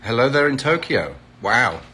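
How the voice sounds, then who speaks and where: A man's voice: mid-range voice, sing-song, moderate pace, sharp tone, a little hiss or hum. A middle-aged Englishman, chatting casually on a phone live stream, greeting viewers by where they are and promoting an event. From England. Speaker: reality TV personality hosting a live stream.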